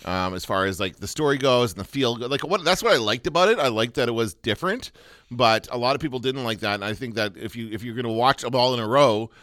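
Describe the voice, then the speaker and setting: This podcast co-host, a man, chats casually and rambles, often restarting and filling gaps. He speaks fast in a mid-range voice with lively intonation and a fairly bright tone, captured at studio quality without echo.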